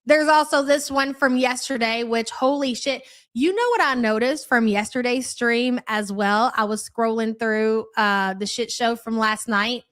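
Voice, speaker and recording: Profane, mocking woman with a higher voice. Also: unhurried, a bit bright. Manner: chatty, reads out viewer comments. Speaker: livestream commentary host. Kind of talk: live reaction commentary.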